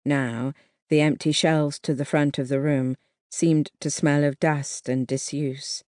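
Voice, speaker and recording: Measured, slow audiobook narrator. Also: medium pitch, smooth, no room sound, studio quality. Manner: measured, even reading.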